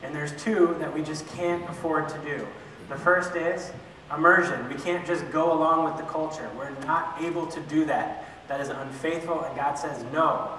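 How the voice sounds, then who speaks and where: A man's voice: a little high, fairly even intonation, normal speed, sharp tone. A man teaching an adult church class, asking questions and answering them himself, with joking asides. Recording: echoey hall from far off, faint room noise.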